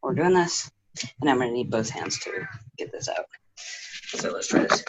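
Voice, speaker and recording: This home cooking vlog features a man with a medium-pitched, sing-song voice who chats casually, tosses in joking asides, and talks to his cat in the kitchen. He speaks at a moderate pace with long pauses, captured in lo-fi sound.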